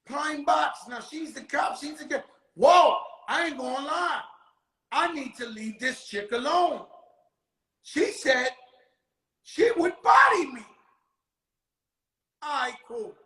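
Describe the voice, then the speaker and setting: A man telling a profane anecdote in an animated way, with bursts of shouting. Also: very high-pitched, takes it slowly, pauses often, reverberant, low-quality recording. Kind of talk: storytelling anecdote.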